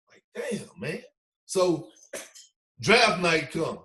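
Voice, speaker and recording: In a high-pitched voice at an ordinary pace, a former basketball player guesting on a podcast recounts stories casually, using slang and imitating what others said.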